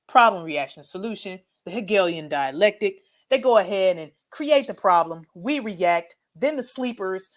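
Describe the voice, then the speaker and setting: A woman hosting a casual livestream, commenting emphatically and sarcastically and often tagging her lines with "okay?". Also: fairly low pitch. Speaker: channel host.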